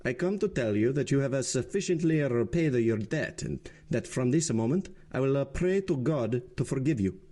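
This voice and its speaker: A man voicing a cold, calm, vengeful nobleman in disguise in a storybook reading, speaking in a measured, solemn way. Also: mid-range voice, voice pushed up, close to an everyday voice.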